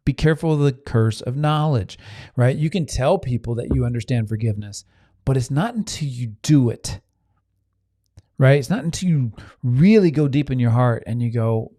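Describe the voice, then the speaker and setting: A motivational podcast host and self-help speaker, this man has a warm, medium-pitched voice and a moderate pace. He talks earnestly, with frequent restarts, asides to his audience, and the occasional acted-out inner voice, captured at studio quality with no echo.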